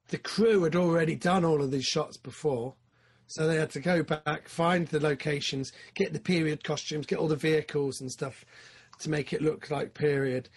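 A man, co-hosting a casual film podcast, talking with big bursts of enthusiasm that drop into low asides. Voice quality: husky. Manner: excitable, swings from loud enthusiasm to low mumbling asides. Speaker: podcast co-host.

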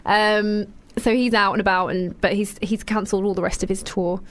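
A woman's voice: mid-range voice, fairly even intonation, moderate pace. A woman hosting casual chat on the radio, giggly and often trailing off mid-sentence. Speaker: radio host.

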